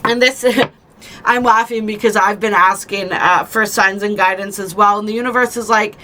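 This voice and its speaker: A woman hosting a spiritual card reading, talking casually and gently, laughing easily and slowing down to stress key points. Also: medium pitch, fairly even intonation, slight background noise. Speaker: spiritual reader and channel host.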